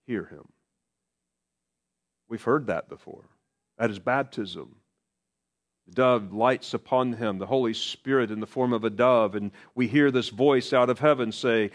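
A man's voice: medium pitch, a little slow, pauses often. Conversational male preacher, emphatic repetition. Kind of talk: sermon.

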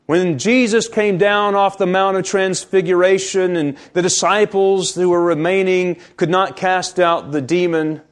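A man with a fairly high voice preaches a sermon. He reads scripture aloud and explains it verse by verse, slowing down to press on key words. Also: fairly even intonation. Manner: slows down to stress key words. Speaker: pastor.

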